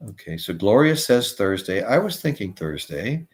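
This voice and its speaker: A man's voice: on the low side, sing-song, moderate pace. An older man hosting a live show, chatting casually, telling rambling stories and reading out viewer comments. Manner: rambling storyteller, drifts off topic. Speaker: host of a live music show.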